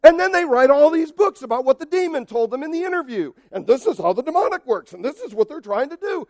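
A man preaching a sermon who speaks straight to his congregation, moving between quiet asides and loud, emphatic bursts. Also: extremely high pitch, quick pace, no room sound, studio quality. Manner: emphatic and animated, swinging between soft asides and loud outbursts; addresses the congregation directly and conversationally. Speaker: pastor.

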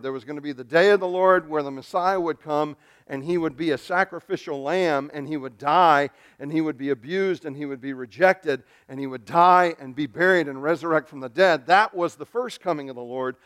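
A male pastor delivering a sermon in a fairly high voice. He preaches emphatically, doubling up words when he drives a point home. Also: normal speed, fairly bright tone.

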